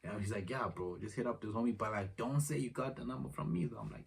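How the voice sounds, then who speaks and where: A young man vlogs from a room at home, telling a meandering, slangy story and voicing both sides of each conversation. His medium-pitched voice is quick, with vocal fry and a breathy edge, captured by a distant phone camera mic with faint noise.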